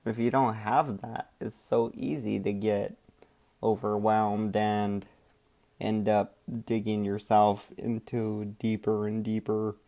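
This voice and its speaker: Casting: low-voiced man with gravelly fry, frank reflective commentary host. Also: flat delivery, slow pace, dark tone. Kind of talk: casual commentary.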